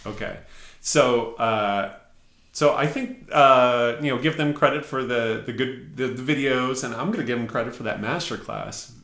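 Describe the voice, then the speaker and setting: A man's voice: mid-range voice, moderate pace, a bit bright. Man, middle-aged, podcast co-host, casual chat, hesitant with fillers, roomy echo. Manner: hesitant, many fillers and restarts. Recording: echoey room.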